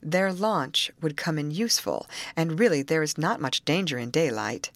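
A woman voicing a steady middle-aged foreman who speaks in a firm, reassuring way. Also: low-pitched, normal speed, no echo.

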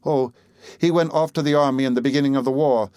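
A man's voice: medium pitch, fairly even intonation, fast, a little mellow, clean tone, dry recording, studio quality, close to an everyday voice. A man voicing an old villager who answers questions in a plain, matter-of-fact way.

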